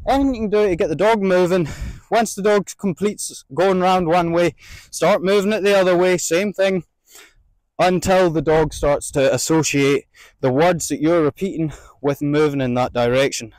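A man training a sheepdog outdoors, explaining each step and calling out drawn-out commands to his dog between explanations. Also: high voice, darkish tone, dry recording. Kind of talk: outdoor instructional demonstration.

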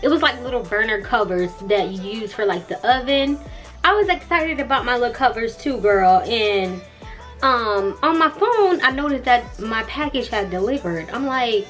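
A woman's voice: a little high, expressive, normal speed, soft background music. A young woman vlogging casually, chatty and candid, swearing freely and calling her viewers girl and y'all. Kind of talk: casual vlog chat.

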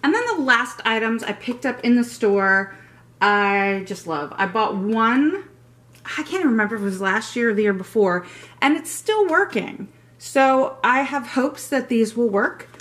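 In an unhurried, expressive voice that's a little high and fairly bright, a middle-aged woman presents her shopping haul in a casual show-and-tell vlog. She gushes about each piece and rambles off on tangents.

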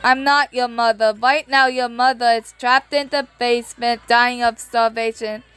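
A woman's voice: steady tone, a bit bright, clear, resonant tone, natural voice. A woman voicing a cruel, gloating female monster who laughs at her victims, with faint music behind. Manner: booming stage laugh, slow and gloating.

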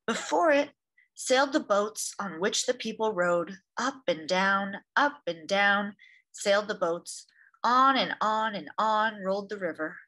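A woman hosting storytime, reading a picture book aloud to children in an expressive, gentle way. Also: mid-range voice, measured pace. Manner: gentle, expressive reading with lively voices for sounds.

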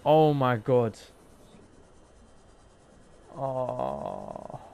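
Excitable young gamer, lively pitch. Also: male voice, extremely slow, vocal fry, slight background noise. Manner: excitable, swearing, talks to the game. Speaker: streamer. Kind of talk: live gameplay commentary.

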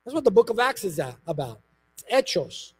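A man, a pastor, preaching a sermon in a church, telling stories with lively emphasis and repeated phrases. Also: sits high, fairly quick, breathy edge. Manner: animated storytelling with emphatic repetition.

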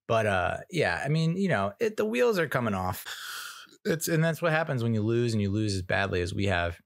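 Man, 40s, fan podcast host, gravelly and dry, casual halting commentary. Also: mid-range voice, sing-song, no echo. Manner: halting, filler-heavy, wry.

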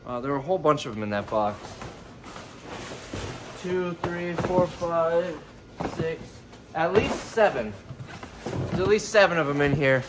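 A man's voice: on the high side, lively intonation, a little slow, long pauses, noisy background. A man giving casual, joking commentary while unboxing items for resale, thinking aloud as he goes. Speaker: reseller vlogger.

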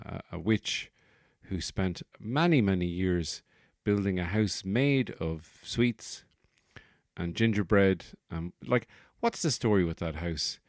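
A man's voice: low voice, a little mellow, no room sound, studio quality. Rambling, sweary comic podcast man. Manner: digressive, self-correcting, sweary. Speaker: podcast host.

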